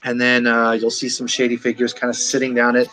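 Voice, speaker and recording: A man's voice: medium pitch, completely flat delivery, fairly quick, pushed and bright, poor audio. A man narrating a tabletop game as game master, rambling and descriptive with frequent fillers.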